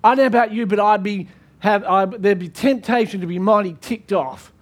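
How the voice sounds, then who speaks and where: A pastor preaching an earnest, emphatic sermon with dramatic pauses. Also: male voice, high voice.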